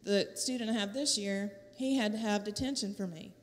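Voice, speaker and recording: A middle-aged woman with a Southern US accent tells a lively testimony in a church, laughing often and acting out the voices of others. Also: medium pitch, moderate pace. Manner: lively storytelling, laughing often, acts out quotes. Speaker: teacher sharing a testimony at church. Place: church sanctuary. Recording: echoey church hall.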